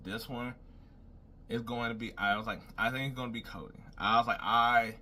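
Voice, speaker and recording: With a medium-pitched, steady, sharp voice at a moderate pace, a young man makes wrestling predictions amid slight background noise. It's casual solo talk, rambling and thought-out-loud, peppered with "I was like."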